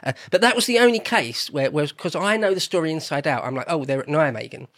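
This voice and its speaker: A man's voice: fairly high pitch, lively intonation, fast, fairly bright tone. A man hosting a casual podcast conversation, talking in a loose, rambling way and often correcting himself. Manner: chatty, rambling, self-correcting. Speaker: podcast host. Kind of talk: casual chat.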